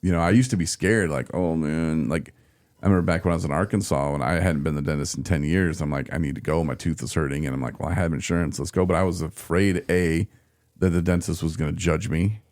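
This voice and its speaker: A man's voice: extremely low pitch, fast talker, darkish tone, dry recording, studio quality. A man co-hosting a podcast, chatting candidly with a laugh and a slight trouble with his S sounds. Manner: candid, laughs while telling stories. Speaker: podcast co-host. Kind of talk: casual chat.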